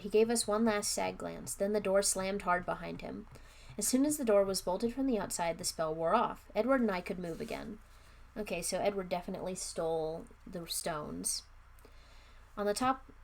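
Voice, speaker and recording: Narrating a book on a live stream, this young woman keeps stopping for dry, casual, chatty side comments, her voice medium-pitched and creaky.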